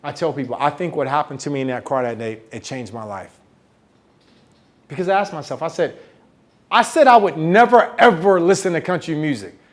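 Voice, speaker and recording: Animated man telling a story on stage. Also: fairly high pitch, fairly quick. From United States. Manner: animated, acts out dialogue with big swings in volume. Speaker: motivational speaker. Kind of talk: storytelling keynote talk.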